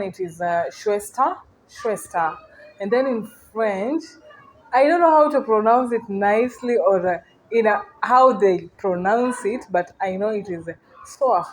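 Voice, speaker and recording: Woman, casual language teacher, slow repeated words, checks in with listener, faint background noise. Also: medium pitch, rough recording. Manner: repeats words slowly, often checks "you getting me?".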